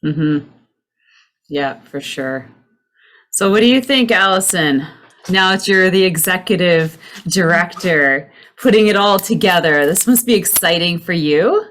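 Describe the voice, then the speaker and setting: A woman's voice: lowish voice, lively intonation, measured pace, a bit bright, a little hiss or hum. A woman hosting a podcast interview, asking questions in an encouraging, affirming way. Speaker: podcast host. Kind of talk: interview host.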